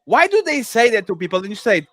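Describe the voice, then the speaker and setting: A man's voice: high voice, very animated, quick pace, fairly bright tone, no echo. A man with a New York accent on a live-stream panel, pressing the others with teasing, probing questions.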